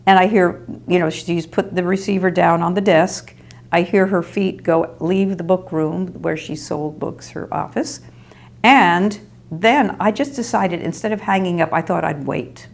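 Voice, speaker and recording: Brief: older woman storyteller, low gravelly voice, rambling anecdotes. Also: measured pace. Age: 60s or older. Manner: rambling and anecdotal with small laughs. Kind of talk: reminiscing oral history.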